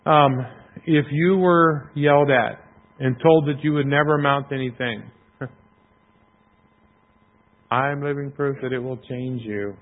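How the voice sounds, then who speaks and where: A man preaching a sermon in a conversational, self-deprecating way, often clearing his throat. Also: medium pitch, steady tone, a little slow, pauses often. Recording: tinny phone-like sound.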